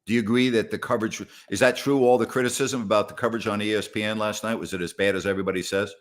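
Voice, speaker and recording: Exasperated middle-aged sports talk host. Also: male voice, fairly low pitch, fairly even intonation, rapid-fire. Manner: exasperated, rambling, sarcastic. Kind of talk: live call-in show chat. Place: house, indoors.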